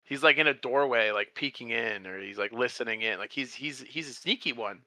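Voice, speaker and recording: A man co-hosting a casual movie chat, with a very bright, forceful voice. He talks animatedly and leaps up in pitch when he acts out characters. The sound is close and dry. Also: a little fast, dry recording. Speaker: podcast co-host.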